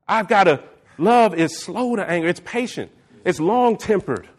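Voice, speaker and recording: A man preaching a sermon with impassioned, at times shouting delivery. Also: high voice, lively intonation, moderate pace. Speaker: pastor.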